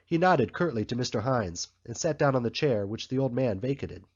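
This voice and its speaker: A man narrating an audiobook in a measured, even storytelling manner. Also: mid-range voice. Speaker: audiobook reader. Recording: slightly muffled recording.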